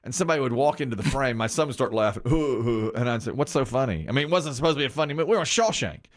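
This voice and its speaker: A middle-aged man co-hosting a morning radio show, telling a family story with lively laughter. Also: medium pitch, racing. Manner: animated storytelling, laughing at his own story. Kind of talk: casual morning show chat.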